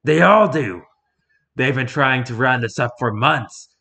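A man voicing a mocking male oni demon who speaks slowly and tauntingly. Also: mid-range voice, lively intonation, gravelly, sharp tone, heavily acted. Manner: slow, taunting.

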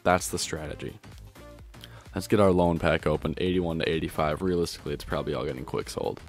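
A man streaming a video game pack opening, excitable and trying to keep his voice down at home, swinging from grumbling to yelling. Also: extremely low pitch, a little fast, faint music behind. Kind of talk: pack-opening gameplay commentary.

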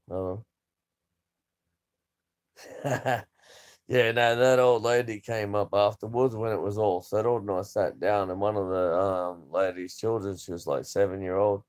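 A man in his thirties with a fairly low voice rambles through a casual vlog chat. He swears freely and drifts from one point to the next as he talks to the camera. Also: darkish tone. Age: 30s. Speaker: vlogger.

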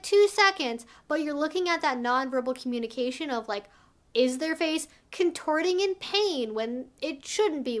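A woman's voice: sits high, fairly bright tone. A woman giving frank, casual advice as a vlogger, emphatic and direct, peppering her talk with "like" and "right?". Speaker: sex educator vlogger.

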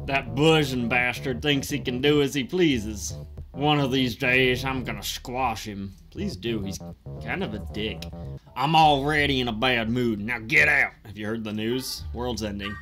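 Game figure: hostile Southern sewer dweller, voiced by a streamer, gruff and slow. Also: mid-range voice, fairly bright tone, faint music behind, lightly acted. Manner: threatening, growling, slow.

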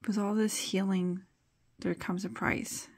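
Slow, gravelly woman recapping a comic. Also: medium pitch, flat delivery. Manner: loose, chatty summary with asides while flipping pages. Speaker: comic book reviewer. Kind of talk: casual plot retelling.

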